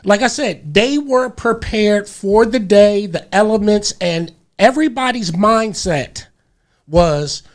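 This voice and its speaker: A man hosting a radio talk show, telling a story in an animated, slangy, emphatic way and repeating words as he gets heated. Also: high-pitched, takes it slowly.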